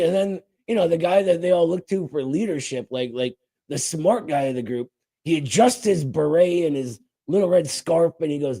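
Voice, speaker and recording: A man's voice: a little high, normal speed, warm tone. A man hosting a show, delivering a mock-outraged comedic rant full of sarcastic asides. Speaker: show host.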